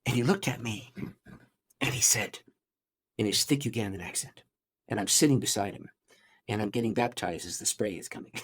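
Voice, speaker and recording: A middle-aged man, a pastor, telling a long story in an interview in an animated way, often restarting his sentences. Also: fairly low pitch, moderate pace, pauses often, breathy edge.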